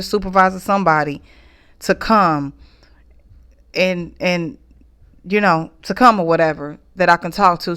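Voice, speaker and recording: A woman tells her story in a casual vlog, her voice lower than most and smooth. She speaks in an emotional, halting way, often restarting her sentences. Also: a bit bright. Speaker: small business owner reviewing an event.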